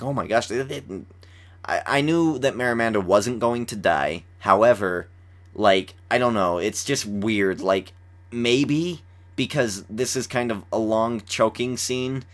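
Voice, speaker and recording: A young man hosting a casual podcast chat, rambling through an episode recap with lots of "like.". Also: on the low side. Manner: rambling, says "like" often, animated retelling. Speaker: podcast host.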